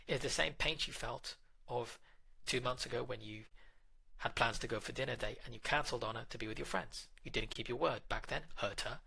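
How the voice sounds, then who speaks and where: A man's voice: medium pitch, normal speed, gravelly, sharp tone, breathy edge, poor audio. A man, a relationship coach, narrating advice in a direct, instructive manner and addressing the listener.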